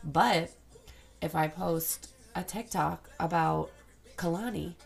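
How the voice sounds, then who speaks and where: Young woman host, low gravelly voice, casual rambling podcast chat with faint music behind. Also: slow. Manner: candid, swears a lot, rambling.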